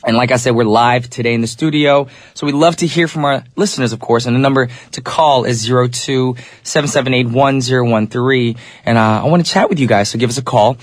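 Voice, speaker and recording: A man hosting a live radio show from the studio, chatting upbeat with listeners while a little sick, his voice deeper than usual. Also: a little fast, few pauses, no room sound.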